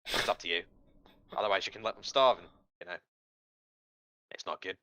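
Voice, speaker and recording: A man's voice: low-pitched, a little fast, sharp tone, pitched below the performer's own voice. A man voicing a coaxing male imp devil with an Australian accent, trying to talk someone into a deal. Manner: coaxing, persuasive.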